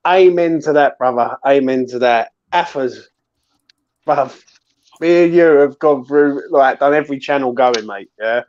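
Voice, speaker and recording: A man hosting an excited fan chat after a match, emotional and sweary, calling everyone mate and bruv. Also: mid-range voice, measured pace, dry recording, lo-fi sound. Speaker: fan channel host.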